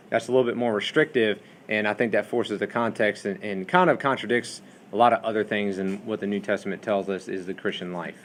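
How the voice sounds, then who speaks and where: A man's voice: on the low side, fairly even intonation, a little fast, a bit bright. A man teaching a Bible study class in a classroom, lecturing in a conversational way and asking the students questions, with many fillers.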